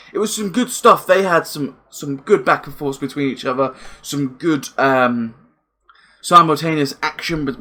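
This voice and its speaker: A young man reviewing a wrestling event in a casual, excitable, rambling way, swearing freely and repeating himself. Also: a little high.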